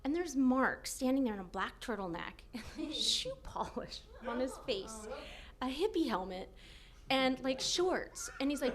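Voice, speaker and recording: High-pitched young woman storyteller; animated comic anecdote, laughing through it. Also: slow pace, a crowd in the background. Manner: animated, laughing often, acting out quotes.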